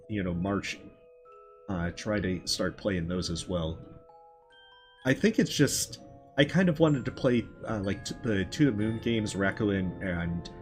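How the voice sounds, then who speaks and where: Low-voiced man rambling over gameplay. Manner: rambling, hesitant, many fillers. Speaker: let's play host. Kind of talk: casual gameplay commentary.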